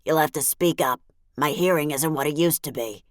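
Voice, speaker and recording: A woman voicing a cranky old grandmother over 70 with a dry, deadpan delivery. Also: low-pitched, normal speed, no echo, close to an everyday voice.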